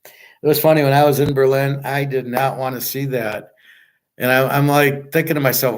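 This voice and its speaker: A man holding forth in a loose, rambling monologue. He talks bluntly and swears freely, and his voice sits at an ordinary middle pitch. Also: steady tone, normal speed. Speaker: host. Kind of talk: casual monologue.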